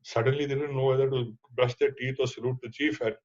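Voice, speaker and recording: A middle-aged man with an Indian accent, a documentary filmmaker telling a lively story in conversation and mixing in Hindi words and casual swearing. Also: mid-range voice, fast talker. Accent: Indian English. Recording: dull lo-fi audio.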